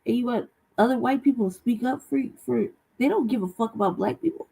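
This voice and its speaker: A woman hosting her own commentary show, cursing freely and sounding fed up. Her voice is mellow and a little husky. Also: fairly high pitch, normal speed, poor audio. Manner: blunt, profane, animated ranting with laughs. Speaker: host. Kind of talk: casual commentary vlog.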